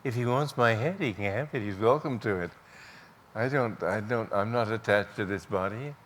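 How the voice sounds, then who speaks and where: A serene old yogi, as a man tells his words, calm and firm. The voice is low and unhurried, with faint hiss behind it. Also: lightly acted. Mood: defiant. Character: calm, unattached old male yogi, defiant.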